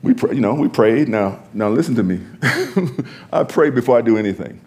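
Pastor guy telling a story, laughs a lot, stumbles and repeats himself, mid pitch. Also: moderate pace. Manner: animated, laughs often, repeats words. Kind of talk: storytelling in a conversation.

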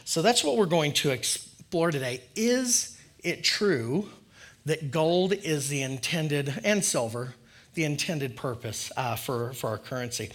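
A man's voice: on the high side, lively intonation, unhurried. A man giving a casual, conversational sermon in church, friendly and loose with filler words. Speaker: lay preacher.

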